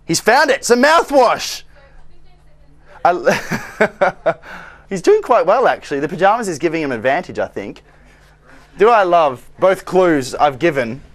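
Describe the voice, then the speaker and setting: Roaming a TV studio and offices for a scavenger hunt, a young male host ribs his co-host, laughs often and shouts playful orders. His highish voice is sing-song and a little slow, with long pauses.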